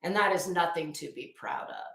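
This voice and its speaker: Sarcastic, bright-voiced woman ranting. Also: lowish voice, fairly even intonation, normal speed. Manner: sarcastic, blunt and profane. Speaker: YouTube commentator. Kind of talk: casual ranting commentary. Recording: roomy echo.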